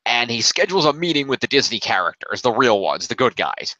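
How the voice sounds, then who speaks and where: A male podcast host of a casual review show gives a long, rambling plot recap full of fillers. His mid-range voice is very animated, brisk, bright, and forceful, in a dull, lo-fi, dry recording.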